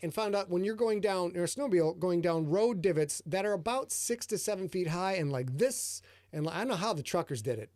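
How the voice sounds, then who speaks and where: A man hosting a live show, telling a profane, animated story about himself. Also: sits high, dry recording, clean studio sound. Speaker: host, author.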